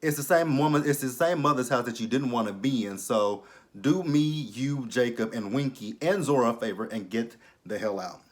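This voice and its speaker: A man giving a blunt, profane, sassy casual recap of a TV episode, swinging between loud outbursts and low asides. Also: moderate pace. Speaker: TV episode reviewer.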